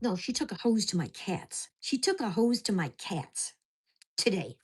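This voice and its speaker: A woman's voice: medium pitch, expressive, a little slow, slightly rough. A woman vlogger at home, venting angrily and swearing about her neighbors. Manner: ranting, profane, indignant. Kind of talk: angry venting vlog.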